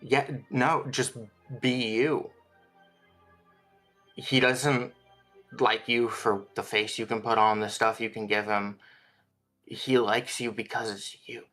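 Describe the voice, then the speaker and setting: A woman speaks in character during an online tabletop game, calm and steady. Her voice is bright and flat in pitch, staying on one level. Faint music plays behind her. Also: takes it slowly, pauses often. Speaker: player.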